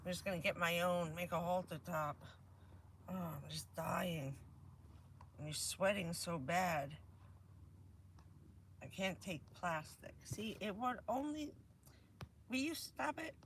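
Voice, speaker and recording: A woman with a hoarse, stuffy voice from a cold, chatting casually on a vanlife livestream from her van, laughing often and answering her viewers. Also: fairly low pitch, takes it slowly, long pauses, a bit bright, a little hiss or hum. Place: inside a camper van.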